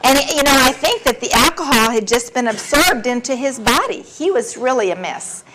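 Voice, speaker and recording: A woman's voice: high-pitched, animated, normal speed. Woman, 60s, wry storyteller at a recovery meeting, noisy recording. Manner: candid, wry, laughs often through the story. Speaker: speaker sharing at a recovery meeting. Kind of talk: personal storytelling talk. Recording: recording with clear background noise.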